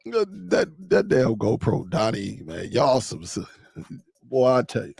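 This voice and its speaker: A man's voice: mid-range voice, big pitch swings, slow, gravelly, a little mellow, breathy edge, dry recording. A man hosting a casual live-stream show, talking loosely to his viewers and laughing often.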